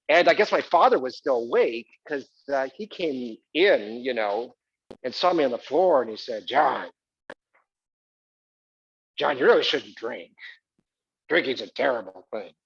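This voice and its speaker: A man performing a chatty, self-mocking autobiographical monologue on a theater stage. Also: on the high side. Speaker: solo performer. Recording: dull live theater recording.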